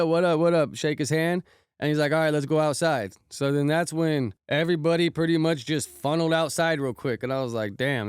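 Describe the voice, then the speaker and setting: A man's voice: a little high, clean tone, no room sound, clean studio sound. A married man with kids telling a story in a casual, slangy, profane way and saying "bro" a lot. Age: adult, married with kids. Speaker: podcast host recounting an incident.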